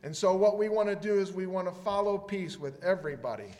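A man preaching a sermon with animated delivery, swinging between loud emphasis and quiet asides. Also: sits high, quick pace. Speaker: pastor. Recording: echoey hall with faint room noise.

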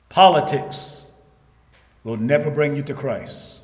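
A man preaching a sermon in a repetitive rhetorical cadence, swinging from hushed low passages to loud shouted emphasis. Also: measured pace. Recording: echoey hall with long reverb.

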